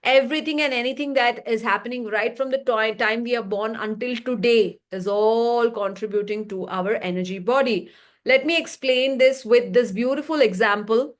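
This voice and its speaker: Woman, slightly high pitch; online teacher, animated, asks the class questions. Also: moderate pace. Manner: animated storytelling, rising pitch for emphasis; explains step by step with rhetorical questions. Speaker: energy healing teacher. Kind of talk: live online lesson, reading chat replies.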